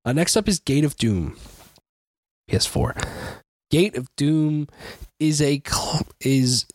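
A man's voice: on the high side, slow, a little mellow, no echo. A man co-hosting a casual video game podcast, joking and swearing in easy banter. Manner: jokey, irreverent, swears freely. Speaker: podcast co-host.

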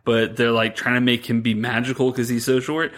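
A man's voice: mid-range voice, flat delivery, fairly quick, fairly bright tone. Rambling man mocking a movie, laughing. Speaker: podcast co-host. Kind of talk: casual chat recapping a movie.

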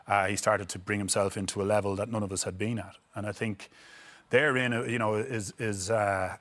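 A man's voice: fairly low pitch, fairly even intonation, a little fast, fairly bright tone. A middle-aged Irish man, a former footballer, telling stories in an interview, rambling and repeating words as he acts out quotes. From Ireland. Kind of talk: casual storytelling interview.

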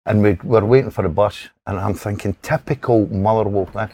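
A man's voice: fairly low pitch, fairly even intonation, fairly quick, mellow. A middle-aged Scottish man telling a sweary, laughing family anecdote in casual podcast chat. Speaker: podcast panellist.

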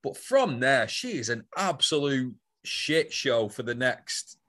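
A man in casual podcast chat, animated and quick to set his co-host straight on the details. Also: mid-range voice. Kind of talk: casual chat about a show.

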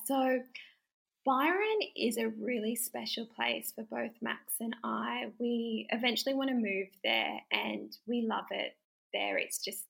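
A woman's voice: fairly high pitch, vocal fry, rough recording. A young woman telling an interview story casually, acting out quotes with lots of laughter. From Australia. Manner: animated, acts out quotes with laughter. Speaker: interview guest.

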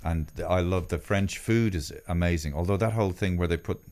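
A middle-aged Irish man hosting a podcast chat with a lowish voice. He teases his guests and jumps up into loud, laughing bursts. His talk is casual and quick to joke. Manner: jokey, teasing, bursts up loudly. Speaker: podcast host.

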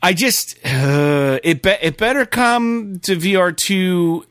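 A man co-hosting a gaming podcast, talking casually and excitedly, swearing often and rambling. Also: sits high, takes it slowly, clean tone, no echo, clean studio sound. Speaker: podcast co-host.

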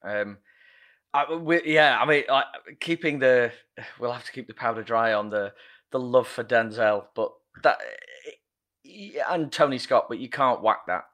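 A man hosting a casual film podcast, answering with animated agreement. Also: mid-range voice, unhurried. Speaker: podcast host.

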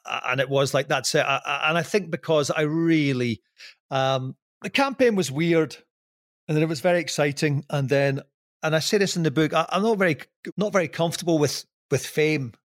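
A man's voice: on the high side, a bit bright, dry recording, clean studio sound. A middle-aged man with a Scottish accent, speaking as a podcast guest in a candid, rambling, self-deprecating way with many restarts. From Scotland. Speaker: podcast guest, former TV presenter. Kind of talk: casual podcast interview.

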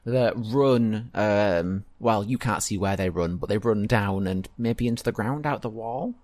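A man narrating a tabletop game as game master in a relaxed, rambling way. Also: fairly low pitch, measured pace.

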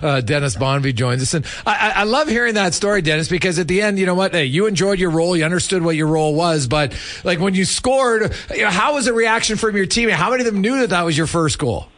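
A man's voice: sits high, lively intonation, quick pace, hardly any pauses, fairly bright tone. A man hosting a sports talk radio show, welcoming a guest and firing off eager questions. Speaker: radio host.

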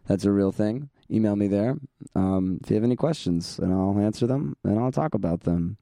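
A hoarse young man hosts his own podcast, his voice rough and gravelly like sandpaper. He talks low and dark in tone, rambling casually in a self-deprecating way with low energy and frequent laughs. The sound is close and dry. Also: moderate pace, dry recording. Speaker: podcast host. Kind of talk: casual solo podcast chat.

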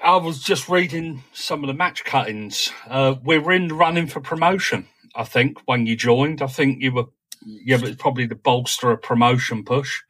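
A man conducting a conversational interview in a measured way, recounting details from match reports. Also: mid-range voice, a bit bright.

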